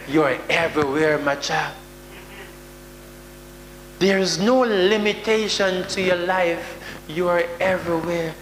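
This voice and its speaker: A man with a Jamaican accent preaching a sermon, with sudden loud outbursts and mock prayers. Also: high-pitched, a little slow. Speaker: prophet preaching. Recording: echoey hall with faint hum.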